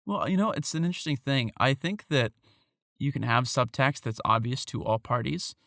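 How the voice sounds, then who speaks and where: Gravelly man explaining a film scene. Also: medium pitch, animated, moderate pace, fairly bright tone, no echo, clean studio sound. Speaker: podcast co-host. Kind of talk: casual film discussion.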